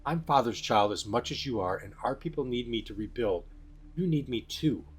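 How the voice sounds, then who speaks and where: A man's voice: medium pitch, animated, moderate pace, husky, pitched above the performer's own voice. A man voicing a proud, stubborn young noblewoman who speaks sharply and indignantly in a tabletop game. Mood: defiant.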